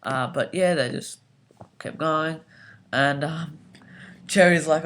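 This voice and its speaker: A man's voice: a little high, measured pace, long pauses, fairly bright tone. A young man giving a rambling, casual spoken review full of fillers and restarts. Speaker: wrestling show reviewer.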